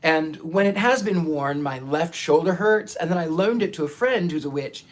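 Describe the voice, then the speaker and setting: On his psychic livestream, a man with a slightly high voice talks at a moderate pace in a casual way. Reading viewer comments aloud, he's dramatic and warm, often stumbling and restarting.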